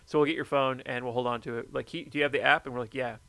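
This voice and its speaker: A man chatting casually, telling a story with lively energy and plenty of swearing. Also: mid-range voice, very fast, dry recording. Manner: animated storyteller, swears freely. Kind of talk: casual chat.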